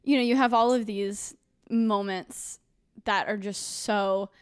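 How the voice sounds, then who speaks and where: A woman's voice: medium pitch, fairly even intonation, slow pace, clean tone, no echo, clean studio sound. Young woman podcast host. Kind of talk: conversational interview.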